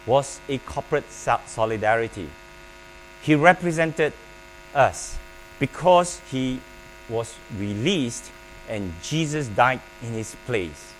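A man preaching a sermon, emphatic and paced with pauses, calling on the congregation to repeat his words. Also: medium pitch, big pitch swings, rough recording. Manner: emphatic, with pauses and call-and-response prompts. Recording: faint mains hum.

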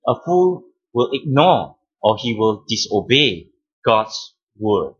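A man preaching a sermon as pastor, teaching deliberately, stressing key words and repeating phrases. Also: on the low side, sing-song, husky, lo-fi sound.

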